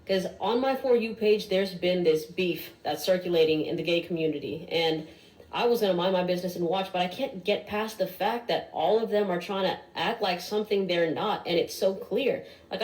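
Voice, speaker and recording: A woman's voice: mid-range voice, brisk, a little mellow. Blunt woman ranting in an echoey room. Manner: blunt, exasperated, swears freely. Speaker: social media video creator. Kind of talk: blunt social media rant.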